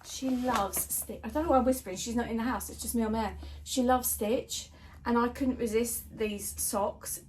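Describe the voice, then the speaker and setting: A middle-aged British woman chatting casually to her viewers as a lifestyle vlogger at home, rambling and friendly. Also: mid-range voice. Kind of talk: casual chat to camera. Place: at home, in a home office. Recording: noisy home recording.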